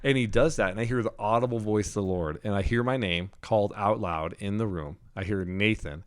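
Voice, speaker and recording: A man's voice: on the low side, brisk, smooth. A man in his forties, a pastor co-hosting a podcast, chatting casually and telling stories with lots of laughs and restarts. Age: 40s. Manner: animated storyteller, laughs often, restarts mid-sentence. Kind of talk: casual chat.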